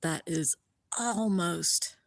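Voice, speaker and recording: Awestruck woman host, low dry voice. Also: drawn-out words, gravelly, no echo. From Columbus, Ohio area. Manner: awestruck, gushing, often drops to a hushed whisper. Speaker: livestream host showing a telescope view. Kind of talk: live-streamed stargazing commentary.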